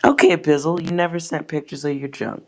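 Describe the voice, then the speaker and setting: A woman with a deep, slightly mellow voice and fairly even intonation hosts a tarot livestream, talking a little fast. She's a tarot reader chatting casually with viewers in brash, profane, joking rants.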